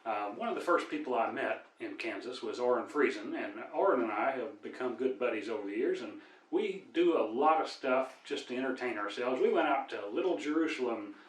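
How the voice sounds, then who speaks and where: An older man with a Midwestern accent spins folksy tall tales in a dry, deadpan delivery. His voice sits at an average pitch. He is recorded from a distance in an echoey room. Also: a little fast. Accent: American Midwest. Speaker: storyteller and cowboy singer. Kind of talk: folksy joke telling.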